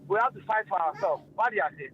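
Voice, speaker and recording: Lively man on lo-fi radio. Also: high voice, quick pace, a little hiss or hum. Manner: animated, mixing languages, frequent fillers and laughs. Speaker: radio host. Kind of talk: casual radio talk. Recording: lo-fi radio stream.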